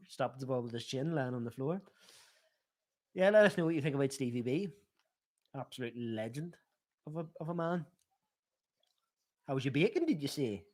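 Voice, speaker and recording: A man of ordinary pitch chatting casually as co-host of a live football watchalong. His talk is loose and jokey, full of teasing banter aimed at his mate. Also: a little mellow. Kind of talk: casual chat.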